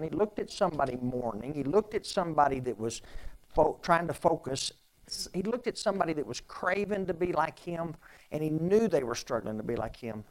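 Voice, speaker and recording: A pastor delivers a conversational sermon full of repeated phrases and runs of rhetorical questions. His male voice sits a little high, and the recording is rough.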